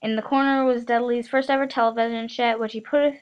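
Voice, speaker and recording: A woman reads a novel aloud in a halting, amateur manner. She often trips over words and starts them again. Her voice sits a little high. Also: steady tone, clean tone, dull audio. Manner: halting, frequent stumbles and restarts. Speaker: reader.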